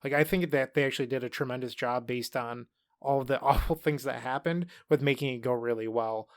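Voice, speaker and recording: A man's voice: mid-range voice, steady tone, fairly quick, no room sound, studio quality. A man co-hosting a podcast in easygoing, chatty conversation. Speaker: podcast co-host. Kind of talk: casual chat.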